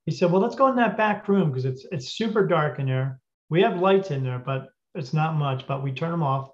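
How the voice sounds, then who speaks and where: A male podcast guest, who is a spirit medium, casually retells a story in an animated way, acting out the quoted dialogue. His slightly high voice moves at a moderate pace, broken by frequent throat clearing. The audio is dull and lo-fi.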